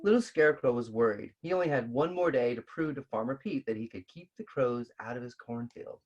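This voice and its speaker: A man co-hosting and reading a children's picture book aloud in a calm, measured way. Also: mid-range voice, lo-fi sound. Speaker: storybook reader and co-host.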